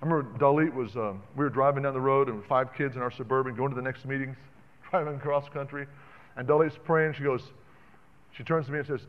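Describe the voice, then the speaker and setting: A man preaching a sermon in an animated, conversational way, calling out to the congregation. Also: mid-range voice, fairly quick. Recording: dull sound with long reverb in a hall.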